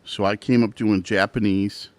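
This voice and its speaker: A man's voice: on the low side, steady tone, normal speed, dry recording. A man co-hosting a casual podcast, chiming in with short remarks and stories. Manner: short dry interjections. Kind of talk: casual chat.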